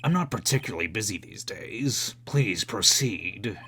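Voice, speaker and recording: A man's voice: fairly low pitch, expressive, unhurried, bright, forceful tone, slight background noise, full character voice. A man doing a pompous old lawyer. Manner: pompous, drawling, gruff.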